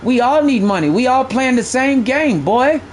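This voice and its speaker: High-voiced man ranting on a game stream. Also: moderate pace, slight background noise. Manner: profane, animated storytelling to chat. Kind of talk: casual live-stream chat.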